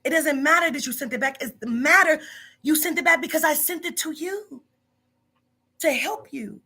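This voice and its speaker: High, sharp-voiced woman ranting. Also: moderate pace. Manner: confrontational, profane, emphatic repetition. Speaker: boss of a psychic reading business. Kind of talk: heated monologue to a staff member.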